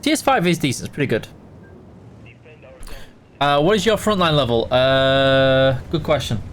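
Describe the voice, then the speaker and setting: A man's voice: mid-range voice, normal speed, a little hiss or hum. A man hosting a casual live game stream, greeting viewers by name and answering chat while tired and yawning.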